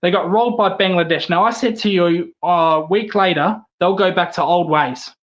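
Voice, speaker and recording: Aussie bloke on a podcast, high voice, fired up and blunt, says things twice. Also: male voice, normal speed, dull audio. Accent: Australian. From Australia. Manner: heated, blunt, repeats himself when riled. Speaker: podcast guest, cricket fan. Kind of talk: casual podcast chat.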